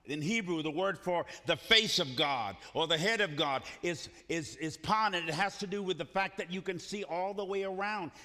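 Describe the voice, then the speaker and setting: Male pastor, high and bright tone, emphatic sermon delivery in a big reverberant sanctuary. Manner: emphatic, calls on the congregation to repeat phrases. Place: church sanctuary. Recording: reverberant church hall.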